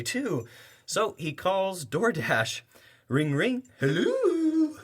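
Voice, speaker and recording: Slow, rhythmic young male poet. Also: fairly high pitch, fairly bright tone. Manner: rhythmic rhyming delivery, sarcastic and heated, with laughs. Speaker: spoken-word poet. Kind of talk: performed spoken-word poetry.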